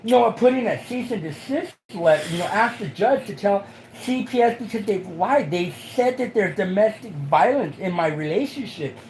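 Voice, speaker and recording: A man's voice: sits high, expressive, moderate pace, few pauses, a little mellow, reverberant, a little hiss or hum, poor audio. A man making a rambling complaint to a sheriff, often asking "right?" to check he is followed.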